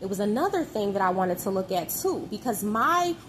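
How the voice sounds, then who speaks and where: A mother talking casually and emphatically to her viewers about her spiritual journey, in slangy speech that swings from loud to hushed. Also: mid-range voice, sing-song, fairly quick, a little hiss or hum. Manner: slangy, talks straight to viewers. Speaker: mother and motivational vlogger. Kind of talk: casual spiritual vlog talk.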